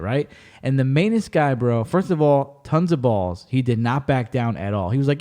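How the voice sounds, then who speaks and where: A man hosting a podcast, chatting casually and telling animated stories with plenty of swearing. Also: medium pitch, a little fast. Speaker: podcast host. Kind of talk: casual chat.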